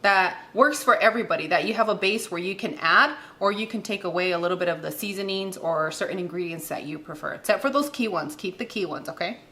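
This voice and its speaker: Bright-voiced woman in her thirties hosting. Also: fairly low pitch, quick pace, hardly any pauses. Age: 30s. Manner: chatty and giggly, counts aloud while working. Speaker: cooking channel host. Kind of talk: casual cooking demonstration. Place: home kitchen.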